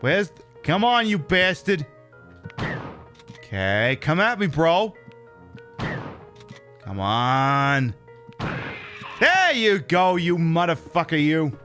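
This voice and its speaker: A man's voice: fairly high pitch, sing-song, takes it slowly, pauses often, a bit bright, faint music behind. Joking, profane Jersey guy streaming. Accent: North Jersey. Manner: profane, joking, talks to chat. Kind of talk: casual gameplay commentary.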